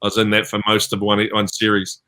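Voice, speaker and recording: A New Zealand-accented man guests on an online fan panel over video call, chatting casually and telling stories in which he acts out what people said to him. His voice is fairly low, monotone, and fairly quick, with a pushed, bright quality.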